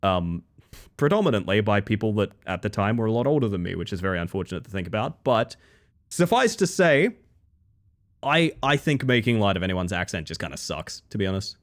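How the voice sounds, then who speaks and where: A man's voice: on the low side, big pitch swings, fairly quick. Chatty Australian man streaming games. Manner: chatty, reads chat aloud and rambles with restarts. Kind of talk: casual gaming stream chat.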